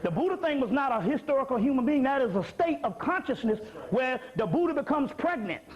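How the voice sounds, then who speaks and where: A man lectures in a profane, joking, streetwise preaching style. His voice sits very high. The recording is dull and lo-fi. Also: sing-song, brisk. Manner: profane, streetwise, comic preaching with repeated asides. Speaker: lecturer on spirituality. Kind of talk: lecture to a live audience.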